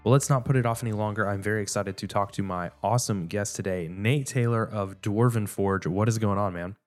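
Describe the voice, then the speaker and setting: An upbeat man hosting a casual podcast interview, with a slightly low voice. He sounds friendly and eager as he welcomes his guest, while music plays behind him. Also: fairly quick. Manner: upbeat and enthusiastic. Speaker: podcast host.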